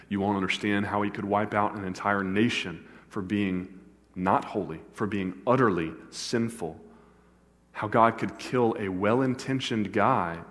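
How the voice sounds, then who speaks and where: A man preaching a sermon as pastor, animated, building to emphatic peaks. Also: lowish voice. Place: church sanctuary. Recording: long church hall reverb.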